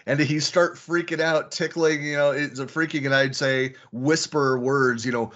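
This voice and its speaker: A man's voice: a little high, fairly even intonation, moderate pace, hardly any pauses, fairly bright tone, muffled recording. Chatty man telling a family story. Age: middle-aged. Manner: chatty storyteller, laughs often. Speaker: host. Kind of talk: casual panel chat.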